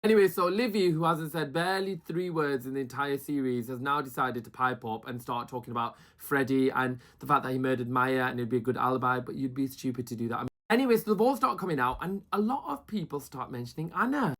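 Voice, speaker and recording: A man giving a chatty, gossipy recap of a reality show, slipping into quick impressions of the people he talks about. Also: mid-range voice, fairly bright tone.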